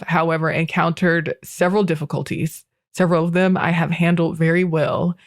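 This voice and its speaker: A woman telling a history story on a podcast in a relaxed, chatty way, often breaking into laughter. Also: fairly low pitch, dry recording, clean studio sound. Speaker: guest presenter.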